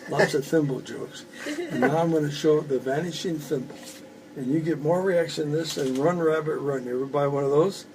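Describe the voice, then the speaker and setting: A magician in his eighties chats at home, telling rambling jokes between tricks in a fairly quick, darkish voice on the high side. The rough recording carries a little hiss or hum.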